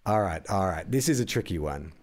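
Animated Australian man co-hosting a podcast. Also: low-pitched, a little fast. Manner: laughing, self-mocking. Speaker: podcast co-host. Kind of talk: casual chat.

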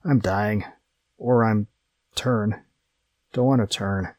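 A man's voice: on the low side, steady tone, slow pace, darkish tone, no room sound. A man voicing a guilty dying young man who speaks weakly in broken short phrases. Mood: weak, pained.

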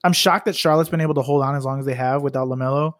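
A man's voice: mid-range voice, steady tone, rapid-fire, no room sound, clean studio sound. A young man co-hosting a podcast, chatting about basketball in a loose, casual way with the odd swear word. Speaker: podcast co-host. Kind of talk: casual sports chat.

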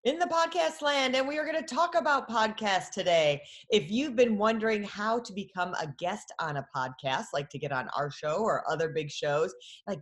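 A woman co-hosting a podcast, chatty and upbeat as she brings in a guest. Her voice sits at an ordinary middle pitch. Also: a little fast. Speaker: podcast co-host.

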